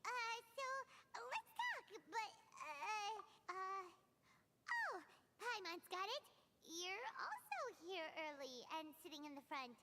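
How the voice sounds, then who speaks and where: A woman voicing a tiny, bubbly female companion creature who speaks of herself in the third person, in a high, chirpy voice. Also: wildly swooping pitch, slow, background noise, exaggerated voice. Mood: sheepish.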